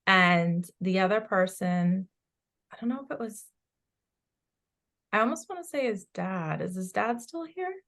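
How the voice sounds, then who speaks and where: A woman's voice: medium pitch, expressive, measured pace, long pauses, a bit bright. A woman psychic medium describing her visions in a loose, rambling way, full of fillers. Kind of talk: channeling session in casual chat.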